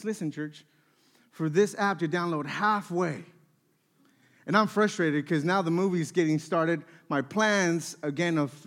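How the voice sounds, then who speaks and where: A man in his thirties preaching a sermon, telling family stories with lively acted-out dialogue. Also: high-pitched. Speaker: pastor.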